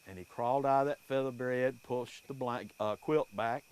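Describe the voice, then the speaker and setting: A man telling folk tales and superstitions to a live audience in an unhurried, animated way. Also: mid-range voice, a little hiss or hum. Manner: unhurried, animated, folksy delivery. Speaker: storyteller.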